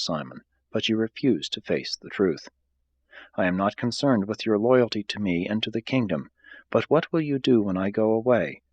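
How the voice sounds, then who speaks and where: A man reading a calm, tender male teacher. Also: fairly low pitch, husky, dry recording. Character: gentle, earnest male spiritual teacher. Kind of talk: audiobook reading.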